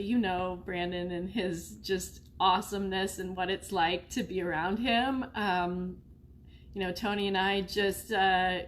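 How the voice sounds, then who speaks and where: A woman's voice: medium pitch, slight background noise. A woman who helps run a recovery cafe, chatting casually on a livestream. She is giggly and loose, searching for words as she goes.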